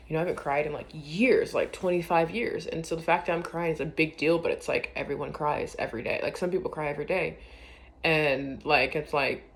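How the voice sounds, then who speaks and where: Gravelly-voiced woman rambling softly. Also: low voice. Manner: rambling and hesitant, full of "like" and "um" fillers. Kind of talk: casual confessional vlog.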